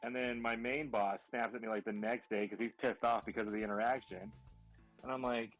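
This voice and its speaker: A man's voice: medium pitch, a little fast, fairly bright tone, soft background music, poor audio. Profane, rambling man on a podcast. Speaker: podcast co-host. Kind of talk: casual chat.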